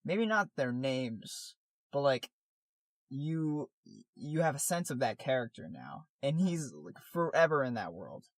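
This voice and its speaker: A man's voice: medium pitch, big pitch swings, a little slow, dry recording. Rambling male podcast host. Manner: rambling, many fillers and restarts. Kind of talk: casual chat.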